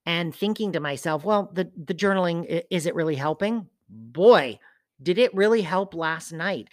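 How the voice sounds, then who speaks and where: Low-voiced woman in candid personal talk. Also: fairly bright tone, no room sound, clean studio sound. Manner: candid, conversational, casual swearing. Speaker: podcast host. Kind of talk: personal self-care talk.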